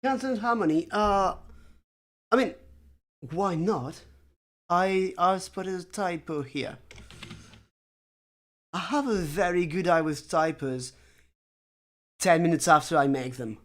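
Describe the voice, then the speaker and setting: In a mid-range, slightly bright voice, the streamer speaks slowly and pauses often. Building a constructed language during a livestream, they address chat viewers in a casual, dry, self-mocking way, filling their out-loud thinking with fillers.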